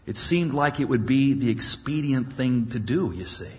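A man's voice: mid-range voice, expressive, moderate pace, highs cut off. A man preaching a sermon with dramatic storytelling and jokes.

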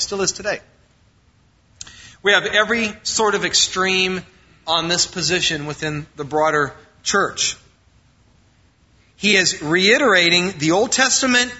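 Male pastor, sermon delivery, bright and forceful, fillers and restarts, dull lo-fi recording. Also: on the high side. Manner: preaching with fillers and restarts, quoting scripture.

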